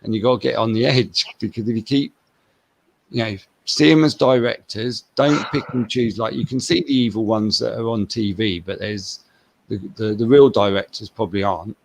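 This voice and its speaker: A man's voice: fairly low pitch, normal speed, creaky. A man in casual chat, rambling and laid-back as he gives his friend advice. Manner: rambling, laid-back, calling him mate.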